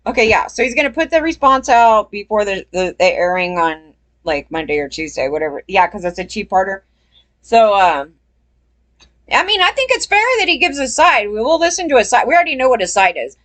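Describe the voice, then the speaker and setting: A woman talks straight to her viewers in a loose, chatty commentary style, full of fillers and blunt swearing. Her voice sits a little high for a woman. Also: sing-song, normal speed, a bit bright. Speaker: commentary channel host.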